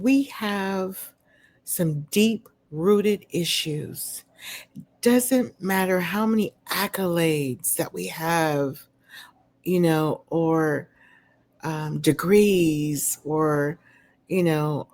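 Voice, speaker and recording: Slow, low-voiced woman chatting casually. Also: darkish tone. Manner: rambling, full of "you know" and "um" fillers; candid, opinionated asides. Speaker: vlogger recapping a reality show. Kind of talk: casual chatty recap commentary. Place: home with a dog nearby.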